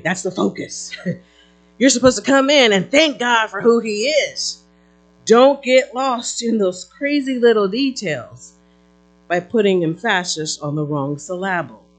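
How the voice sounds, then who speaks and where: A pastor preaching a sermon in an animated way, calling out to the congregation and often repeating words and restarting mid-phrase. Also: mid-range voice, rough recording.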